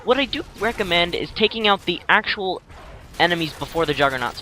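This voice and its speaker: A man's voice: high-pitched, animated, fairly quick, pushed and bright, slight background noise. Chatty young man narrating gameplay. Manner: chatty, rambling, jokey, acts out enemies in silly voices. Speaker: gaming tutorial narrator. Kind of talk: casual gameplay commentary.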